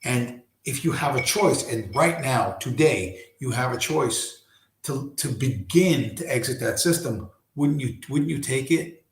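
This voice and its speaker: Hoarse, rambling man in a roomy room. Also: mid-range voice, lively intonation, measured pace. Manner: rambling and profane, with many restarts. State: hoarse, losing his voice. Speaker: livestream host. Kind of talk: casual late-night livestream chat. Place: at home.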